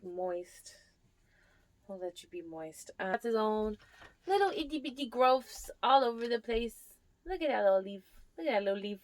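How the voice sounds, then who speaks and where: A young woman vlogger gives a casual tour of her houseplants, chatting fondly to them. Her voice is medium-pitched and a little mellow, and at times she drops to a near whisper.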